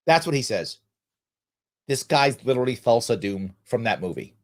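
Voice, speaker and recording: A man's voice: mid-range voice, big pitch swings, normal speed. A male podcast host giving mocking, sarcastic commentary on clips that he plays back.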